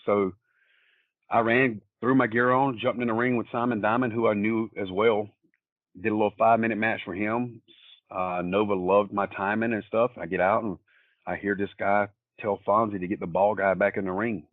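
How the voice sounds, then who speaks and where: A man's voice: on the low side, little pitch movement, moderate pace, no echo. A man, a wrestler guest, telling stories in a rambling, plain-spoken way over a tinny phone-like line. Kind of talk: casual anecdotal storytelling.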